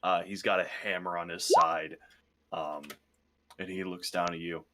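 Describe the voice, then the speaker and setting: A man narrating as game master, playful and animated. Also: low voice, unhurried.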